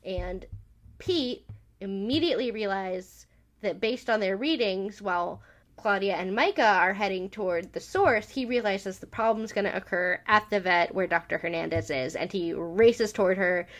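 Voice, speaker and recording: Lady cohost chatting about a show, engaged, explaining stuff, mid pitch voice. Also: moderate pace. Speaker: podcast co-host. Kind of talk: casual recap chat.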